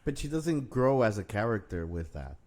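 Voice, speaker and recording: A man co-hosting a casual show, calmly arguing his side. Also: on the low side, normal speed. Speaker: podcast co-host. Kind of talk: casual chat.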